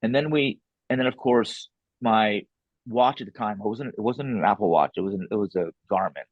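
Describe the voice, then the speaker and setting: Husky-voiced man telling a story candidly. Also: lowish voice, brisk, dry recording, dull audio. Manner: animated, candid, self-deprecating. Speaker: author guest. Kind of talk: casual storytelling interview.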